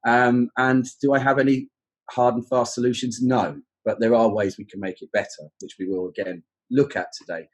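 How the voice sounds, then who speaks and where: Husky, chatty man with a London accent. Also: medium pitch, steady tone, normal speed, lo-fi sound. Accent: southern English, London. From southern England. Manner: chatty, with many fillers and restarts. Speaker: guest, exam teacher. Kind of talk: casual podcast conversation.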